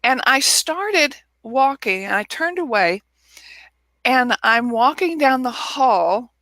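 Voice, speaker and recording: Bright, dry-sounding woman telling a story. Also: high voice, takes it slowly, no room sound. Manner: animated storyteller who acts out quoted people. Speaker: author and guest. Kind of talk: casual interview storytelling.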